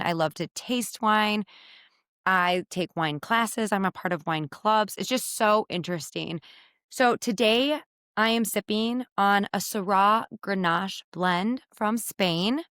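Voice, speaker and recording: A woman in her thirties talks candidly into a podcast microphone while sitting on her bed. Her voice sits at an ordinary middle pitch, and the sound is dry and close. She keeps the tone casual and lively, full of quick asides. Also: smooth, dry recording. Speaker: podcast host. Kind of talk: casual solo podcast chat.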